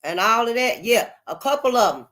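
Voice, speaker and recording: A woman's voice: on the high side, lively intonation, a little fast, fairly bright tone. An older woman hosting her channel in a casual, unscripted monologue, emphatic and repetitive, calling her listeners honey. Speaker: channel host.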